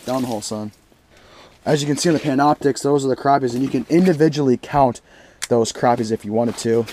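A young man vlogging as he ice fishes, giving an excited, slangy play-by-play and exclaiming loudly at each catch. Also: mid-range voice, slight background noise. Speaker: fishing vlogger. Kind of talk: excited play-by-play while fishing. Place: ice fishing on a frozen lake in deep cold. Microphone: action camera.

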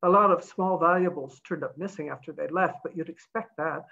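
A woman's voice: lowish voice, brisk, sharp tone, highs cut off. A woman reading aloud, voicing a determined young woman who talks urgently and pleads.

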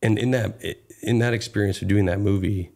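A man's voice: lowish voice, steady tone, fairly quick, creaky, darkish tone. A man in his thirties, a guest actor, talking casually in an interview with many fillers and restarts.

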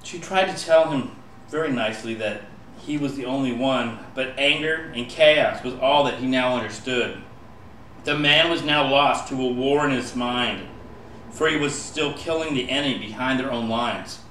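A man's voice: mid-range voice, normal speed, far from the mic, a little hiss or hum. Impassioned man reciting poetry, echoey room. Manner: impassioned, rising to pleading shouts. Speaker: poet. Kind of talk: spoken-word poetry recitation.

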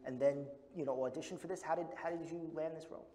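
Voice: mid-range voice, steady tone, quick pace, warm tone. A press conference moderator introducing a panel and asking questions in a chatty way, with small apologetic stumbles. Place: large hall with audience. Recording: long hall echo, crowd noise.

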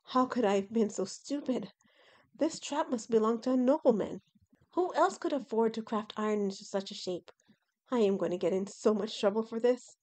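A woman's voice: on the high side, moderate pace, a little mellow, natural voice. A woman voicing a nervous young male peasant farmer who frets and rambles. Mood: panicked. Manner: anxious, rambling, fretful.

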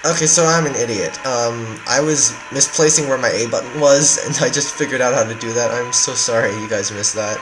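A man giving casual, excitable, self-mocking commentary while he plays a video game. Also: medium pitch, fairly quick, few pauses, noisy background. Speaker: let's play gamer. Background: game music.

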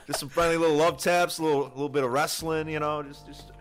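A man's voice: on the high side, level tone, fast talker, clear, resonant tone, soft background music. A man chatting casually while playing a game with a friend, playful and teasing. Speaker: fellow player. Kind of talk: casual chat while gaming.

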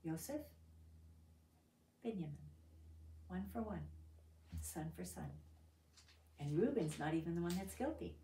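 In a fairly low, slightly slow voice with frequent pauses, a woman teaches a Bible study, reading scripture with lively emphasis and asking the group questions conversationally. Slight background noise and an echoey room accompany her distant-sounding voice.

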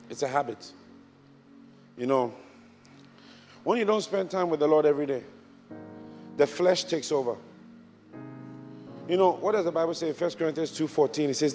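A man from Ghana preaching a sermon as a bishop, swinging from quiet reflection to shouted exhortation with repeated rhetorical questions. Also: on the high side. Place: large church auditorium. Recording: large church hall with long reverb, music behind.

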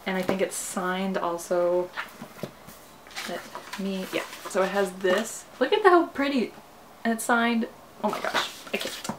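A young woman films an excited book unboxing, giggling and gushing, with exclamations that sometimes sink to a hush. She talks at an unhurried pace. A faint hiss sits behind her voice. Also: mid-range voice. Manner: gushing, giggly, repeats "oh my god", drops to near-whispers. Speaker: booktuber.

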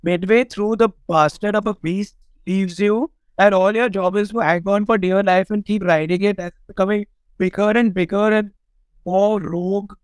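This is a middle-aged man with an Indian English accent, telling stories on a podcast in a fairly high, smooth voice. He talks in an animated, irreverent way, swears freely and laughs often. The sound is dry and close. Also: normal speed, no echo, low-quality recording. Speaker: film director guest. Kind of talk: casual podcast storytelling.

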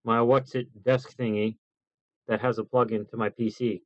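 A man's voice: medium pitch, level tone, normal speed, no echo, muffled recording. Joking man testing lav mics. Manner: loose, joking, talks through each step. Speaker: host testing microphones. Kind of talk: casual chat. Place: home desk by a computer. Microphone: lavalier mic.

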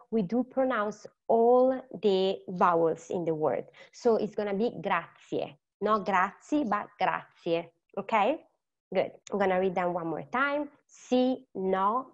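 A native Italian speaker with an Italian accent teaches an online language lesson, explaining patiently, repeating words slowly, and quizzing her students. Her voice is mid-range and the audio sounds dull.

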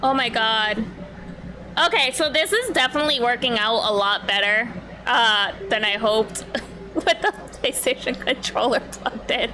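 A young woman streaming a video game live, panicking, swearing and shrieking in bursts between calmer remarks. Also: on the high side, measured pace. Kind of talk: live gameplay commentary. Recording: noisy game stream audio.

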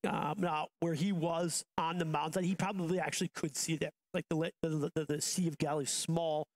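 A man's voice: on the high side, level tone, a little fast. Casual, chatty male pastor. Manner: casual and conversational, with many restarts and asides. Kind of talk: sermon. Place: church auditorium.

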